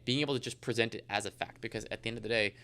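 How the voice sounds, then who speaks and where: A man's voice: lowish voice, steady tone, very fast, bright, forceful tone, clean tone. A man talking as a guest in a casual podcast interview, rambling along with many fillers. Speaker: insurance agent guest.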